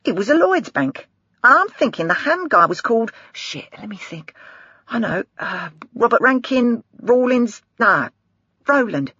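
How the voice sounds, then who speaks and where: A reader playing a brash middle-aged detective, blunt and sarcastic, quick to swear. The delivery swings with animated pitch over a husky, dry voice. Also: no echo, highs cut off, full character voice.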